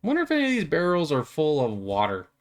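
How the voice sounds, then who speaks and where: A man's voice: a little high, wildly swooping pitch, quick pace. A man gives rambling gameplay commentary while playing, talking in a playful, meandering way with stammers and lots of fillers. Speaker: gamer.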